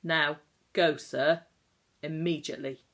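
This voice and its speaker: A commanding middle-aged ward sister, loud and no-nonsense, clipping her orders short, as a woman storyteller puts her on. The pitch stays low under the raised volume. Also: fairly even intonation, slow, exaggerated voice. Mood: stern.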